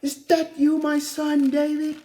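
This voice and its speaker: A man voicing King Saul as a falsely affectionate older king in a high, drawn-out sing-song. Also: monotone, warm tone. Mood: mock-tender.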